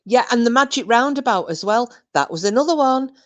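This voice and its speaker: A woman's voice: fairly high pitch, animated, a little fast. A woman hosting a podcast, reminiscing in casual chat, giggly and full of fillers. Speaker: podcast host.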